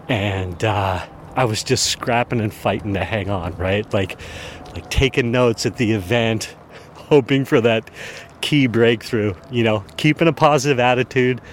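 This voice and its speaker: A man with a fairly low voice spins a casual, animated story for his podcast audience. He chuckles now and then as he talks, with a faint hum of noise behind him. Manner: animated, chuckling anecdote teller. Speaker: podcast host.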